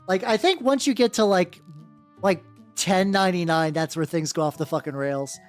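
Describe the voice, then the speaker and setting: A woman's voice: lowish voice, moderate pace, soft background music. A woman streamer chatting casually while painting miniatures, rambling and swearing, with lots of fillers and restarts.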